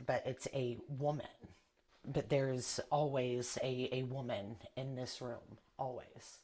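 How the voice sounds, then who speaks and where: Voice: mid-range voice, fairly even intonation, slow, darkish tone, a little hiss or hum. A medium walking through a church basement, describing felt presences in a rambling, uneasy way with many fillers. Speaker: psychic medium on an investigation. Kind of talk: paranormal walkthrough narration.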